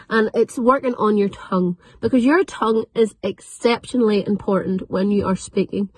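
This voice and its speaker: A woman's voice: mid-range voice, breathy edge, no echo, rough recording. Upbeat drama teacher woman. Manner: upbeat, encouraging, repeats drills slowly. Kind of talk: online voice warm-up class for children. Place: at home.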